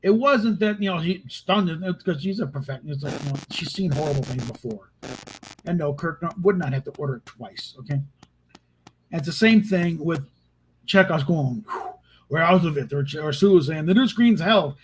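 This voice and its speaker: A man's voice: fairly high pitch, normal speed, low-quality recording. A man with a slightly raised voice talks through a film review in loose, unscripted commentary, circling back and restarting his sentences. He sounds exasperated at times. A faint hiss and occasional clicks sit under the recording. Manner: rambling, with frequent restarts and exasperated asides. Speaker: video host reviewing a film.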